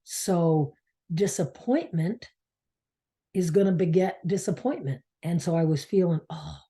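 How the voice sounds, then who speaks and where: A woman from Maine, a spiritual coach and channel host, speaks a little slowly in a fairly low, warm voice. She tells a heartfelt personal story in a rambling manner, at moments dropping almost to a whisper.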